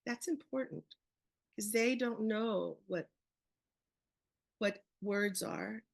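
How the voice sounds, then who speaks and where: A woman's voice: mid-range voice, takes it slowly, gravelly, no room sound. A woman leading a webinar on early reading, walking through her teaching step by step and asking questions she then answers herself. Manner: explains step by step, asks questions and answers them.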